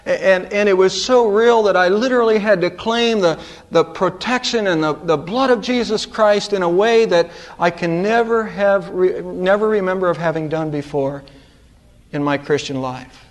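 A middle-aged pastor with a notably high voice delivers his sermon. He lifts his pitch for emphasis and then drops it low and quiet. The talk is dramatic and earnest from the pulpit. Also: moderate pace. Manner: dramatic preaching with sharp rises and drops in pitch.

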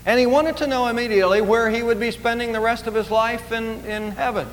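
A man's voice: high-pitched, in a large hall, a little hiss or hum, low-quality recording. A man preaching a sermon as pastor, earnest and emphatic, repeating key phrases for weight. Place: church sanctuary.

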